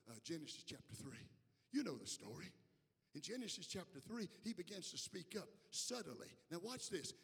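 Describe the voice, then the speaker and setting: A male bishop preaches in a church, swinging from hushed asides to shouts and calling back to his congregation. His voice sits high and leaps widely in pitch, with a gravelly, husky grain. A long reverb from the hall follows each phrase. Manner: fervent call-and-response preaching that swings from quiet asides to shouts. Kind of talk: sermon. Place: church sanctuary.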